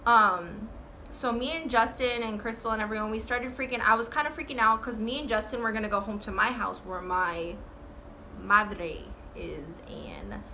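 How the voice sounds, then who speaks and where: A woman's voice: fairly high pitch, moderate pace, sharp tone, slight background noise. A young woman telling a storytime in a casual, rambling, profane way, full of "like". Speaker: vlogger.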